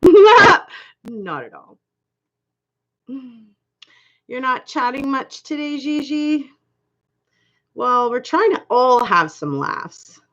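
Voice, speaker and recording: Chatty woman with a lively high voice. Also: takes it slowly. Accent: slight accent. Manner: chatty, laughs often, talks to viewers by name. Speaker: livestream host. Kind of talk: casual live chat reading comments. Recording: dull lo-fi livestream audio.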